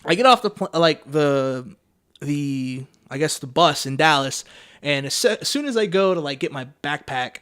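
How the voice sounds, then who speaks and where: A man's voice: on the high side, lively intonation, normal speed, fairly bright tone, clean tone. A man from San Antonio, Texas, a pro wrestler guest on a podcast, telling a rambling, profane travel story and saying "man" a lot. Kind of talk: casual storytelling chat.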